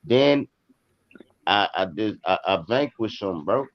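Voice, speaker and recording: A man's voice: on the low side, lively intonation, slow, muffled recording, a crowd in the background. A man in casual chat who speaks bluntly and emphatically.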